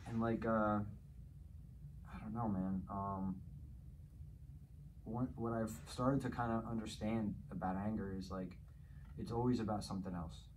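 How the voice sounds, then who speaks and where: A man's voice: lowish voice, steady tone, unhurried, pauses often, noisy background. A man in his forties from New Jersey, a podcast guest speaking in candid, casual chat, frank and profane, flaring up when he vents. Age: 40s.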